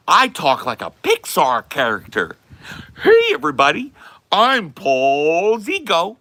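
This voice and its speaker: A man's voice: on the high side, bright, forceful tone, dry recording, heavily acted. A man voicing a bubbly, giddy grown man obsessed with cartoons, talking in a sing-song, over-the-top sweet way and drawing out his words. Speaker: live streamer.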